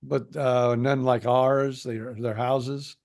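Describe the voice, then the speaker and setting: An older man co-hosting a podcast in casual chat, rambling and pausing to search for words. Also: medium pitch, level tone, creaky, darkish tone. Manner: rambling, hesitant, many "uh" pauses. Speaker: podcast co-host.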